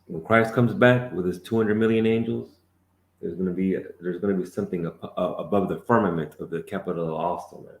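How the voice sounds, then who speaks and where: A fiery preacher with a very deep voice drives his points home with emphasis, tagging his lines with "man." He is heard in an echoey room. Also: steady tone, a little fast, a little mellow. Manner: emphatic, calls out prompts, tags lines with "man". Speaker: lead teacher of the class. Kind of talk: fiery street-preaching sermon.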